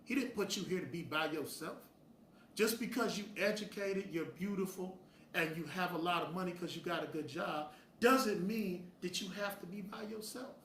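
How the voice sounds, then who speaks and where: A man's voice: sits high, normal speed, a bit bright, slight background noise. A middle-aged man, hosting and speaking bluntly and preachily to the audience, with heated bursts. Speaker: host. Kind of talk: opinionated direct-to-camera talk. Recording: roomy sound from a distance.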